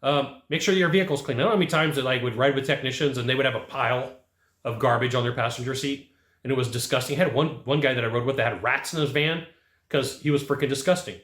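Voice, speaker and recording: A man's voice: medium pitch, quick pace, a bit bright. A middle-aged man coaching sales staff to camera, talking emphatically in punchy bursts and often tagging his points with "right?". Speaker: HVAC sales trainer. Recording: echoey room.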